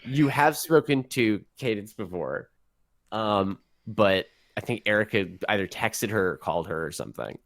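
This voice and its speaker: A man running a tabletop game as game master, explaining things in a relaxed, rambling way. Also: lowish voice, normal speed, no echo.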